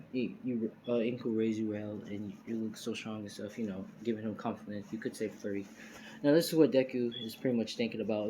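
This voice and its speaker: A man's voice: on the low side, warm tone, slight background noise, low-quality recording. A man improvising a fan story aloud, rambling with many fillers and restarts, recorded on a phone. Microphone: phone screen recorder.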